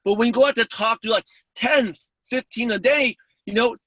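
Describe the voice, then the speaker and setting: A man from New York with a New York accent and a lisp, talking fast and eagerly as a guest speaker on a webinar call. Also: extremely high pitch, a bit bright, slightly rough, no echo, far from the mic, rough recording. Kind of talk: webinar talk.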